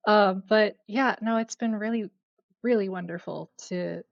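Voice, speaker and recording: A young adult woman guest on a podcast, talking in a reflective, hesitant way with many fillers and soft laughs. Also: mid-range voice, a little slow, gravelly, no room sound. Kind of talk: casual conversation. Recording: dull lo-fi dry sound.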